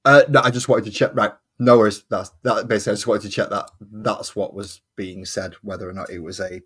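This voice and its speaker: A man hosts a relaxed crafting livestream and talks in loose, rambling sentences, often stopping to correct himself. His voice sits a little low and has a husky edge. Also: a little fast. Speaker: livestream host. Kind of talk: casual livestream chat while crafting.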